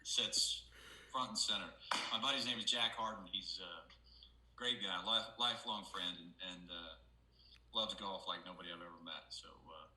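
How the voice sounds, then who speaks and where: A middle-aged man with a low, very bright voice, spinning a lively anecdote for an interviewer. He slips into other people's voices to act out the story. The room around him rings with a noticeable echo. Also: moderate pace, slight background noise. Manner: animated storyteller, acts out quoted voices. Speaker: guest, golf analyst. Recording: roomy echo.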